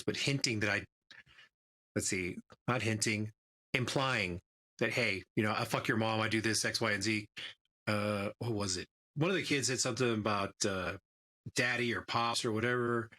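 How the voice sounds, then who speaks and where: Low, bright-voiced man, blunt and crude. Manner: blunt, crude, deadpan teasing. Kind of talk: casual storytelling chat.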